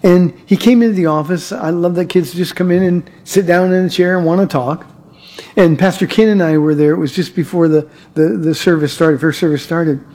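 A man's voice: on the high side, brisk, a little mellow. A man preaching a sermon as pastor, earnest, often repeating words as he goes and telling stories from his own life. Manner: earnest preaching with frequent word repeats and told anecdotes.

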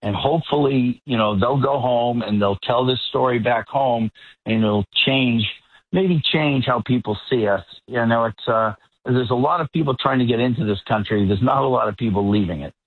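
A male radio roundtable guest with a wry, relaxed way of talking, calling in over a remote line. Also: mid-range voice, moderate pace, slightly rough, dry recording. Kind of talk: casual talk radio discussion. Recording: tinny phone-like remote line.

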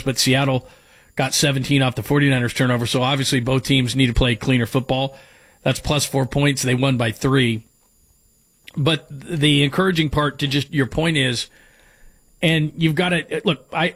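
A man's voice: medium pitch, fairly bright tone. A man hosting sports talk radio, giving strong opinions as he runs through names and stats.

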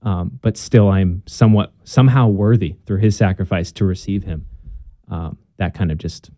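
A young man talking as a guest in a casual conversation, earnest and halting, with many restarts and fillers. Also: sits low, dark tone, no echo.

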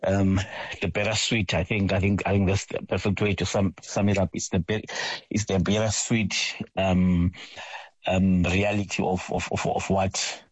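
Brief: South African football spokesman, monotone low voice, halting, lo-fi. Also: no room sound. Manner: hesitant, many ums and restarts. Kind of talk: phone-in radio interview. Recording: muffled lo-fi line.

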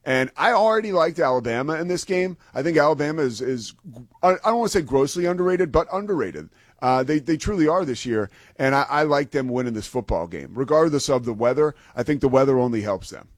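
Male co-host, easygoing, rambling, mid-pitched, dry close sound. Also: animated, fairly quick, no echo. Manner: easygoing, rambling, self-joking. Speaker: sports radio co-host. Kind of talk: casual sports talk.

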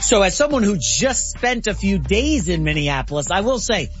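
Male sports show co-host, chatty, high voice, lively pitch, slightly dull audio. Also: normal speed, faint music behind. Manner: chatty, animated, with laughs. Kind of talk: sports talk banter.

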